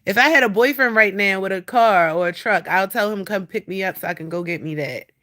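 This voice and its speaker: Bright-voiced, blunt woman on a livestream. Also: medium pitch, fairly quick. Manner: animated, blunt and profane, talks straight to viewers. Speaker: livestream host. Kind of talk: casual livestream chat. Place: at home indoors.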